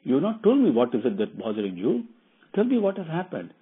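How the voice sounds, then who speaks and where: A man voicing a gentle, bewildered king who earnestly pleads with his queen, with a husky voice. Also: on the high side, wildly swooping pitch, fast talker, full character voice. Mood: pleading. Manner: earnest, imploring. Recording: tinny phone-like recording.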